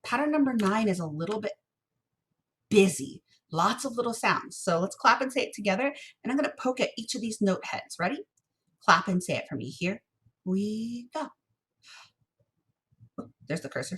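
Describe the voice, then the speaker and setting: A woman's voice: mid-range voice, lively intonation, normal speed, long pauses, fairly bright tone. A young adult woman teaching an online music lesson to children from her home office, playful and encouraging, chanting rhythm syllables.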